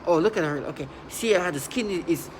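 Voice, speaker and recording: A man talking in a rambling vlog monologue, halting and restarting, with sudden loud agitated outbursts. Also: fairly high pitch, animated, a little hiss or hum, rough recording. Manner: halting, many restarts and fillers. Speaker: vlogger.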